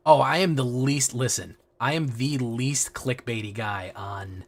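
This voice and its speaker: A man's voice: medium pitch, measured pace. A man streaming a card game, chatting casually with his viewers, swearing freely and often restarting his sentences. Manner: casual and profane, restarts a lot. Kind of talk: casual livestream chat.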